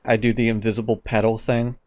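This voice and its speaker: A man's voice: fairly low pitch, fast talker, dry recording. A man co-hosting a podcast in casual chat, telling a story with lots of swearing and acted-out quotes. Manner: animated storyteller, acts out quotes, swears often. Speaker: podcast co-host.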